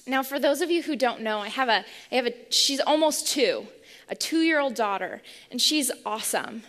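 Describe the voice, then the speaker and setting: A woman's voice: high voice, expressive, normal speed, fairly bright tone. A young woman preaching a sermon and praying, earnest and storytelling, often restarting her words, heard in a church sanctuary. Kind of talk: sermon with opening prayer. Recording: long hall reverb.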